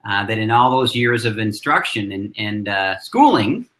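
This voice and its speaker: Fifties male guest, bright tone, halting and friendly storyteller. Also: on the low side, very animated. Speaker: guest, learning consultant. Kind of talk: casual interview talk.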